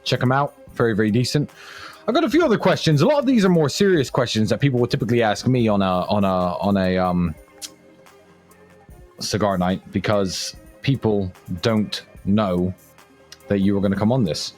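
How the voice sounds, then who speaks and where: A man's voice: on the low side, lively intonation, moderate pace, a little mellow, soft background music. A man hosting a livestream, joking and teasing in casual banter. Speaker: livestream host.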